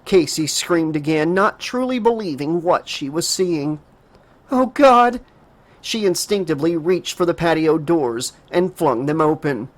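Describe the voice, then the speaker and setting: A man narrating a horror audiobook dramatically, raising his pitch for a frightened girl's lines. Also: moderate pace, hardly any pauses. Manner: emotive reading, voices the girl in a higher pitch.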